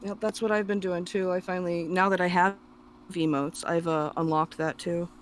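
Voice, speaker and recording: A man chatting casually on a live stream, rambling with lots of fillers, his throat sore and a little hoarse. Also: high voice, fairly even intonation, moderate pace, slight background noise.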